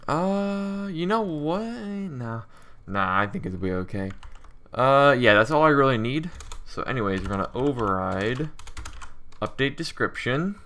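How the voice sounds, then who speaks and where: A man's voice: mid-range voice, lively intonation, normal speed, sharp tone. Man thinking aloud while coding. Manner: thinks aloud with many fillers. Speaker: indie game developer. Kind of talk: casual coding walkthrough.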